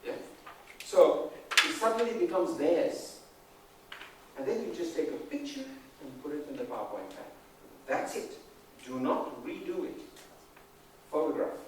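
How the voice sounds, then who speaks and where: A man giving an energetic, emphatic conference talk as a leadership trainer, often checking in with the audience. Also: fairly high pitch, measured pace, pauses often, slight background noise. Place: large conference hall. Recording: distant, echoey hall recording.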